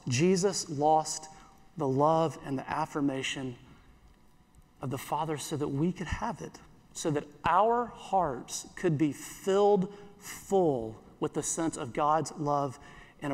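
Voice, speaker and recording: A pastor giving an earnest sermon in church, repeating phrases and slowing down for scripture. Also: male voice, on the high side, long reverb tail.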